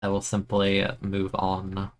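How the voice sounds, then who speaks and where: A man's voice: sits low, takes it slowly. Giggly, stammering young man streamer. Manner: excitable, giggly, self-mocking, stammers and repeats words. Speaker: streamer playing a video game. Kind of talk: casual gameplay commentary.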